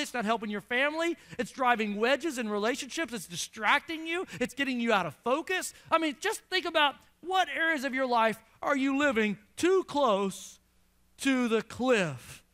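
A male pastor preaches to a congregation in an emphatic sermon style. His voice is unusually high for a man and bright, and he circles back to phrases and slows right down to land a point. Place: church before a congregation.

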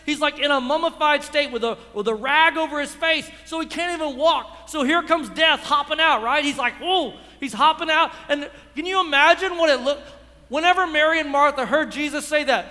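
A man pastor preaching a lively sermon in church, acting out dialogue and building to shouts. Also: very high-pitched, long reverb tail. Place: church sanctuary.

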